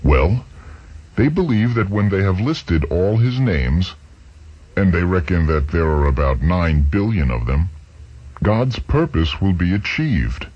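A man's voice: deep voice, sing-song, measured pace, slightly rough, dry recording, full character voice. A man voicing an anxious young male engineer who speaks urgently, in a dull lo-fi recording. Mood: uneasy. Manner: urgent, worried.

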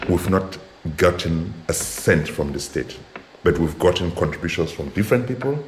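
A man's voice: low-pitched, lively intonation, normal speed, roomy sound, noisy background. A man from Cameroon in a casual debate, earnest and searching for words with many hesitations. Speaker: activist in a discussion.

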